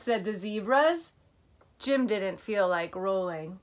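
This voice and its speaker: A woman teacher reading a picture book to children in an animated way, stopping to ask them questions. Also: mid-range voice, slow pace.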